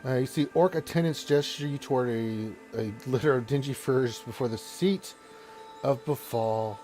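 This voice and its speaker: A man's voice: medium pitch, normal speed, mellow, faint music behind. A man narrating a tabletop game as game master, rambling with restarts.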